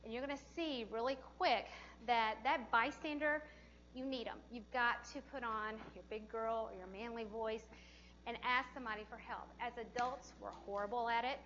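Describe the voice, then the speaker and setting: A woman's voice: a little high, steady tone, normal speed, a bit bright, muffled recording. A woman teaching a hands-on CPR class in a training room, chatty and encouraging, often laughing as she talks. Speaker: CPR instructor.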